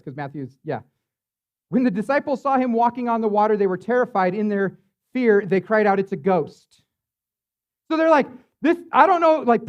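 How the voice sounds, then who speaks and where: A man's voice: high-pitched, darkish tone, highs cut off. A man preaching as a pastor in a church, in a loose, conversational way, full of fillers and tag questions. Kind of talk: sermon.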